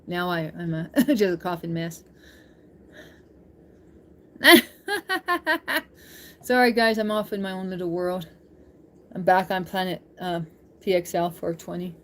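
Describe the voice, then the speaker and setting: A woman's voice: lowish voice, steady tone, measured pace, pauses often, a bit bright. A woman live-streaming, chatting casually with her viewers, laughing often and reading chat aloud.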